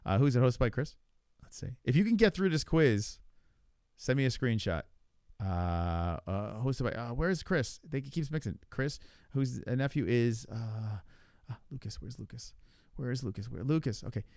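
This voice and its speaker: A man hosting a casual podcast, thinking aloud while he plays a quiz, with lots of swearing, fillers and halting repeats. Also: mid-range voice, animated, darkish tone, dry recording, clean studio sound. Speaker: podcast host. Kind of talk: casual chat while playing an online quiz.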